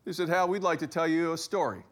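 A middle-aged man preaching a sermon, telling a personal story with lively acted-out quotes. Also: a little high, fast talker. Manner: animated storyteller, acts out quoted voices. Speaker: pastor.

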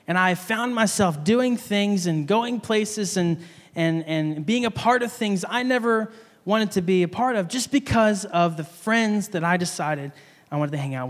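A man giving a sermon, telling a story from his childhood and laughing often as he talks. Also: high voice. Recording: long hall reverb.

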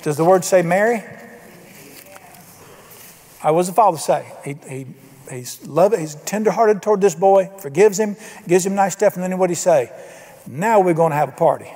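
A man's voice: high voice, normal speed, long pauses, dark tone. An older man preaching a sermon, folksy and emphatic, asking his congregation questions. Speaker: pastor. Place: church sanctuary. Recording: church hall reverb.

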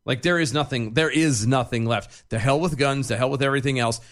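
A man's voice: mid-range voice, brisk, fairly bright tone. A man co-hosting a casual podcast, earnest and emphatic, often repeating words as he builds his point. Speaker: podcast co-host. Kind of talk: casual chat.

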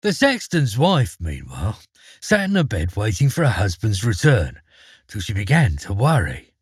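A husky-voiced man telling a fairy tale, his pitch rising and falling in lively, expressive storytelling. He reads at a measured pace, and the recording is close and dry with no room sound. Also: no room sound.

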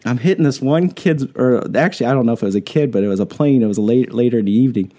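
Man, podcast chat, mellow warm tone, mid-pitched, laughs through his stories. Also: rapid-fire. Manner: laughing, animated storyteller. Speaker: podcast co-host.

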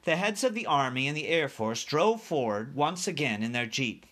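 A man reading a children's book chapter aloud like a teacher, animated and speaking directly to young listeners. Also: medium pitch, moderate pace.

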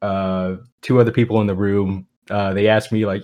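A man's voice: fairly low pitch, little pitch movement, moderate pace, a little mellow. A young man co-hosting a podcast, telling a story in a laid-back, amused, rambling way. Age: young adult. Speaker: podcast co-host. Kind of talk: casual storytelling.

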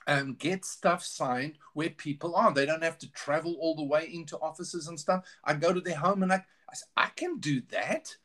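Candid and earnest, this middle-aged guest recounts his experiences in a relaxed interview, frequently restarting what he's saying. His slightly high, somewhat bright voice moves at a moderate pace with hardly any pauses.

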